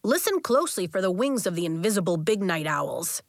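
A woman voicing a booming, enthusiastic male gym coach in a children's audiobook, calling out to a room of kids. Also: sing-song, a little fast, no echo. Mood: mystical. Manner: booming, rallying.

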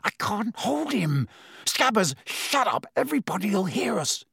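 A man's voice: high-pitched, very animated, a little slow, vocal fry, a bit bright, slightly rough, dry recording, voice pushed up, full character voice. A flustered teenage boy , as a male narrator puts him on, hissing and frantic, his voice raised above the narrator's own. Close and dry, like a studio audiobook. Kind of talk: audiobook character voice.

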